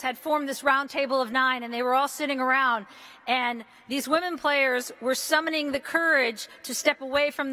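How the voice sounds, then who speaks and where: A woman in her fifties from the United States gives a commencement speech in a large indoor arena, talking in an energetic, casual and joking way, with mild swearing. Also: high-pitched. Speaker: commencement speaker.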